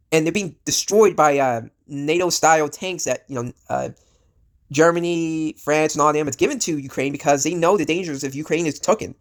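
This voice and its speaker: A sick, coughing man rants in a fairly high voice. His commentary rambles and restarts, packed with "you know" and "like". He is blunt and profane. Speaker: vlogger. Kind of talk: casual ranting commentary.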